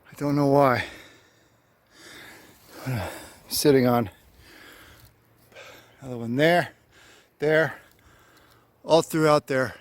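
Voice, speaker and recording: Out of breath on a solo walk through the woods, a man records a rambling trail vlog, chatting to himself with wry remarks. His voice is medium-pitched and slow, with frequent pauses and no room sound.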